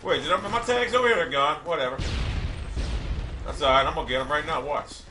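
A man giving profane gameplay commentary, loudly raging and shouting at other players. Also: on the high side, big pitch swings, fairly quick, heavy background noise. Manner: shouts in bursts of frustration. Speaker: gamer.

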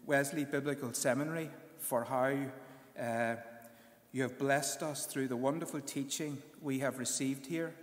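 A British graduating student gives an earnest speech at his ceremony, often pausing on fillers. His mid-range voice carries the roomy sound of a big hall.

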